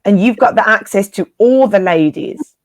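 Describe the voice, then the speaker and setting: A woman's voice: mid-range voice, lively intonation, moderate pace, no echo. A woman co-hosting a casual spiritual live chat, encouraging her listeners and often repeating phrases for emphasis in informal, slangy speech.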